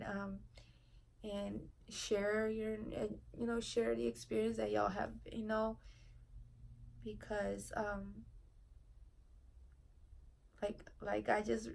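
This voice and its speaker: Tearful, halting woman with a creaky voice. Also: medium pitch. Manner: tearful, soft-spoken, halting with many fillers. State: emotional, near tears. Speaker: family vlogger. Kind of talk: emotional personal story vlog.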